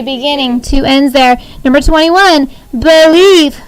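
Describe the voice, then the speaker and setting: A woman teacher in her thirties in a classroom, leading a spelling drill, spelling each word slowly letter by letter and giving firm instructions. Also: high voice, poor audio. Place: school classroom.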